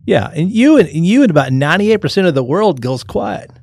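A man co-hosting a casual talk show, telling jokes and stories loudly and playfully. His voice sits a little high for a man. The recording is close and dry. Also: sing-song, fairly quick, no echo. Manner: loud, joking storyteller. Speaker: co-host. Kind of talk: casual radio-style chat.

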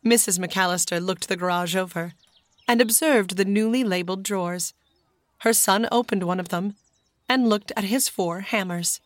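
A woman narrating a children's storybook in a clear, steady manner. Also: medium pitch, moderate pace, dry recording, clean studio sound. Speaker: audiobook narrator.

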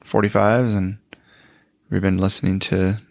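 Gravelly easygoing man, dry close mic. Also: sits low, flat delivery, unhurried, dry recording. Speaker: podcast co-host. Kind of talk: casual chat.

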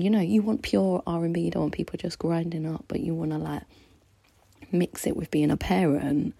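A woman in her thirties hosts a home mixtape like a radio DJ, chatting excitedly and slipping into soft half-whispers. Her voice sits low with a gravelly, husky edge. The recording is dry and close, with faint music underneath. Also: no room sound. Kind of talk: casual chat between songs.

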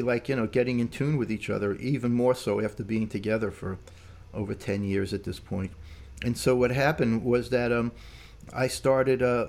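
A man's voice: medium pitch, a little mellow. An older man, a musician, telling stories in casual talk, rambling and full of "man" and "you know". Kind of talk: casual storytelling.

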